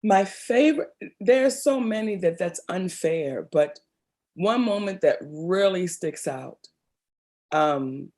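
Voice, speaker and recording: A woman's voice: fairly low pitch, slow. A middle-aged woman from Baltimore, a comedian and actress, telling stories expressively in an interview. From Baltimore, Maryland. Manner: expressive, animated storyteller, calls people baby. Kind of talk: storytelling interview.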